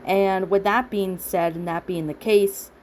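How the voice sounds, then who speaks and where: A woman's voice: medium pitch, steady tone, measured pace, a little hiss or hum. A woman reading a first-person horror story aloud as a channel host, in a dramatic storytelling manner. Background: background music.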